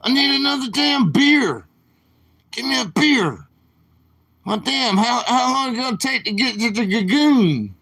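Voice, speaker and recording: A man doing an impression of a drunk, hot-tempered older man yelling for beer on a boat, loud and worked up. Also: very high voice, expressive, unhurried, creaky, slightly rough, pitched above the performer's own voice, full character voice. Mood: agitated.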